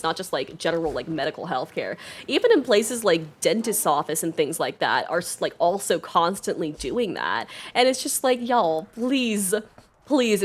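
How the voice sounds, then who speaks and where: A nonbinary streamer talks in a loose, rambling way, stacking up fillers as the thoughts come. The voice sits at a middling pitch but swings up and down with a lively, animated lilt. It sounds like an earnest, casual chat from a home streaming setup. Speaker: livestreamer. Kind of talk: casual chat while playing a game.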